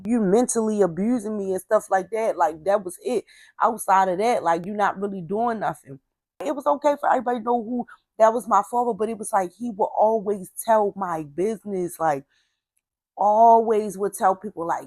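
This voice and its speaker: Woman storyteller, lively testimony, dry close sound, mid pitch, mimics voices. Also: moderate pace, no echo. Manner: animated, acts out other people's quoted voices; repeats herself, trailing fillers like "this, that, and the third". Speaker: testimony speaker.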